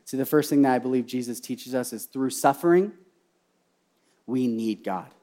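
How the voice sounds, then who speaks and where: A young man preaching a sermon, repeating key phrases and swinging from hushed personal storytelling to loud, fervent cries. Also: mid-range voice, moderate pace. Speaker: pastor.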